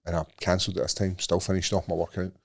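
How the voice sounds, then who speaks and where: Podcast host, Scottish man, low-pitched, animated and profane storyteller. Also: quick pace, gravelly. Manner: animated storytelling, sweary, acts out voices. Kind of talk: casual chat.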